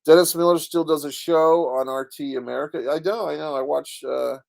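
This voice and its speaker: A man's voice: a little high, a little fast, gravelly, darkish tone. A middle-aged man hosting a casual live stream, rambling about a comedy special and reading viewers' comments aloud. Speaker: online show host reading chat comments.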